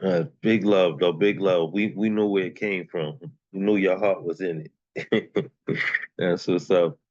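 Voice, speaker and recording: A man hosting an online poetry open mic, bantering in a relaxed, encouraging way between performers. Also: deep voice, a little slow, no echo. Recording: dry, muffled lo-fi call audio.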